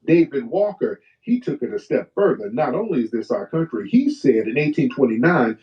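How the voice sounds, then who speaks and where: A man hosting a live talk stream, talking in a preachy way and reading old quotes slowly with emphasis. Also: mid-range voice, sing-song. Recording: distant, muffled live stream audio.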